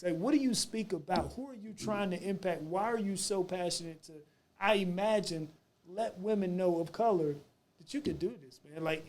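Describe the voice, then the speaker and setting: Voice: mid-range voice, darkish tone. Podcast host asking empathetic questions. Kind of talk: conversational interview.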